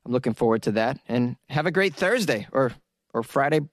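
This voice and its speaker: A man's voice: medium pitch, lively intonation, fairly quick, dry recording, studio quality. A middle-aged man, a comedian hosting his own podcast, talking casually and rambling with self-interruptions. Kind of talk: casual solo podcast talk.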